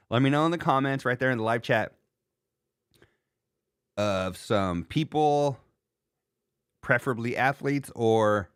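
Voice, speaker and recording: A man's voice: mid-range voice, fairly bright tone, clear, resonant tone, no echo, clean studio sound. A man hosting a casual live reaction stream, rambling and joking with plenty of fillers. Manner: loose, rambling, jokey, lots of fillers.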